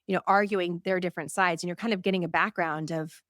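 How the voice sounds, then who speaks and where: A woman hosting a news show, talking casually to a live audience in a chatty, animated way, laughing and asking viewers what they think. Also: lowish voice, fast talker, no room sound, studio quality.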